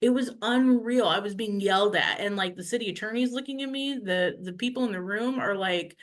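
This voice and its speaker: A councilwoman recapping events to her viewers, animated, acting out the people she quotes. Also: mid-range voice, a little fast. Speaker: city councilwoman.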